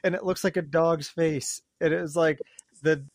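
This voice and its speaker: A man's voice: a little high, steady tone, moderate pace, no room sound. A man hosting a podcast, chatting in a rambling, easygoing way and laughing often. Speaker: podcast host. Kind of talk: casual chat.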